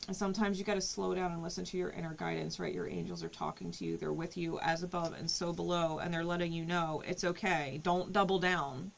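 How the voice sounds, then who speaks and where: A woman's voice: lowish voice, animated, a little fast, vocal fry, hardly any pauses, slight background noise, poor audio. A woman giving a casual spiritual reading, telling a story in a conversational way and often checking in with "right?". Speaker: tarot reader.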